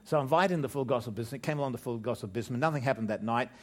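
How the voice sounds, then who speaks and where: A man with an Australian accent preaching a sermon as pastor, animated, joking, and often restarting his sentences. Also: mid-range voice, rapid-fire. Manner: animated preaching with jokes and frequent restarts, voice swelling for emphasis.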